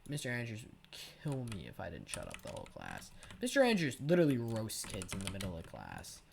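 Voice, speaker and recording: A teenage boy rambles through casual gameplay commentary, dropping sarcastic, profane asides between stories. His voice is lively and swings widely in pitch. Faint keyboard typing and clicks sit quietly behind him. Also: fairly quick, creaky, slight background noise. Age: teens. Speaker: gaming channel host.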